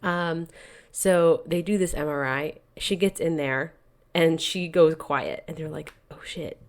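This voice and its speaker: Speaking a little slowly in a low register, this woman walks through a novel's plot on the podcast she co-hosts. The chat is casual and book-club-like, full of "like" and "you know."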